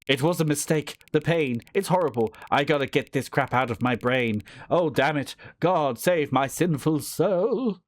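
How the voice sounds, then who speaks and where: A man's voice: on the high side, lively intonation, unhurried, few pauses. A man rambling jokily through a horror game playthrough, reading the game's text aloud and slipping into silly voices. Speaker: gaming YouTuber.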